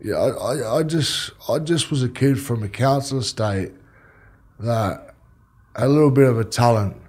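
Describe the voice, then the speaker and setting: A man's voice: mid-range voice, normal speed, a little mellow, slightly rough. A man with an Australian accent, a former rugby league player, telling rambling stories and swearing freely in casual chat.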